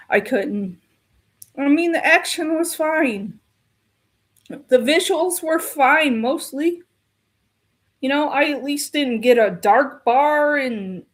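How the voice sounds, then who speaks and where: A woman with a high voice rants through a film review, exasperated and given to repeating herself. She takes her time, drawing out each complaint in a slow, deliberate delivery.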